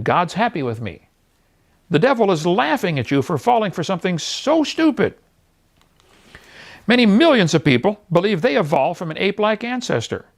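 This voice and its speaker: A man's voice: sits high, vocal fry. A man in his sixties preaching in a mocking, scornful way, laughing at the views he attacks and acting out the people in his stories. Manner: animated storytelling, quotes others in voices. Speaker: evangelist. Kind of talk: preaching talk.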